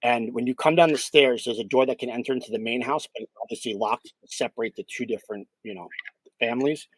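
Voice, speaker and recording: A paranormal investigator, appearing as an interview guest, recounts a case in a loose, chatty way at a middle pitch. He's an animated storyteller who leans on "um" and acts out what people said. The audio is close, dry, and poor, with no room sound.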